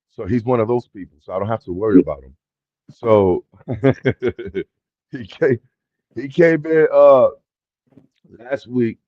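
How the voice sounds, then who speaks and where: A man chatting as a guest on a livestream, slangy and animated, telling stories and acting out dialogue. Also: medium pitch, unhurried, long pauses, dry recording, lo-fi sound. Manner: excited storyteller, slangy, acts out dialogue. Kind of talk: casual livestream chat.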